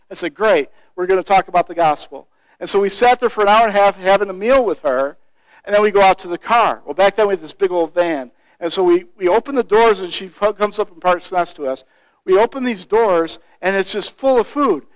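A man who works as a street evangelist, telling a personal story in an animated way and acting out other people's voices. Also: high-pitched, fairly quick, dry recording, poor audio.

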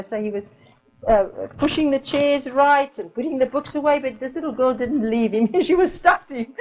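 A woman preaching with a high voice. Her delivery is animated, and her pitch swings widely as she tells a sermon story. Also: poor audio. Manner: lively storyteller, soft whispers for quoted child, occasional laughs.

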